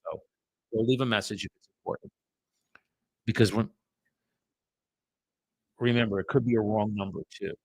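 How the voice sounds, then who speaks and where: A low-voiced man talks straight into a close microphone in a dry room, his voice rough with fry. He chats casually and bluntly with his stream audience, dropping the occasional curse. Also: steady tone, moderate pace, pauses often, no room sound. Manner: blunt, profane, chatty, addresses viewers as guys. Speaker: real estate agent streaming live calls. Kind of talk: casual live-stream chat.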